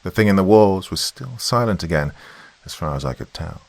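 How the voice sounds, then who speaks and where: A man's voice: low voice, animated, a little fast, gravelly, a little mellow. A man narrating a space horror story in a tense, scripted storytelling voice.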